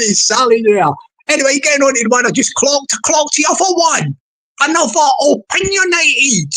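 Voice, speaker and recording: High-voiced woman, rambling and playful. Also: fairly bright tone, low-quality recording. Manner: repetitive, playful, sing-song, often restarts phrases. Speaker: livestream host. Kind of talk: rambling casual livestream monologue.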